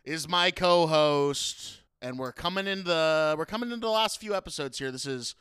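A man's voice: fairly high pitch, expressive, moderate pace, fairly bright tone, smooth, no echo, studio quality. A young man hosting a podcast in a playful, joking casual chat, laughing often. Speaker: podcast host.

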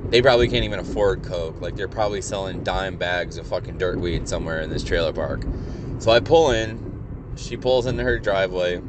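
A man's voice: sits low, fairly even intonation, brisk, noisy background. A young man telling a rambling, profane story in a casual, wry way from inside a car. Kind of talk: casual anecdote.

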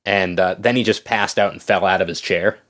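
Deep-voiced dude chatting games, laughs a lot, swears. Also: male voice, steady tone, a little fast, a bit bright. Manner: laughs often, swears casually. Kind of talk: casual chat.

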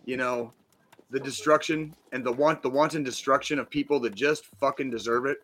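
A man co-hosting a gaming podcast, talking in a loud, profane, rallying casual chat. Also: medium pitch, steady tone, a little fast. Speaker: podcast co-host.

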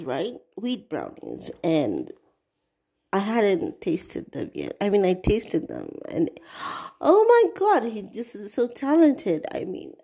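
A middle-aged woman hosting a podcast, telling a story in a casual, expressive way, with dramatic asides and free swearing. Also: lowish voice. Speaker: podcast host.

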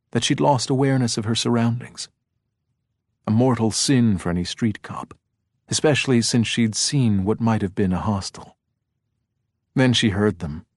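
A man giving scripted audiobook narration in a steady, even storytelling manner. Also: mid-range voice, no echo, studio quality.

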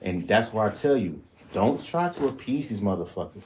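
A man's voice: fairly low pitch, lively intonation, moderate pace, darkish tone. A man hosting a podcast alone, ranting bluntly with heavy profanity and repeating himself. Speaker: podcast host. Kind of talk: solo ranting monologue.

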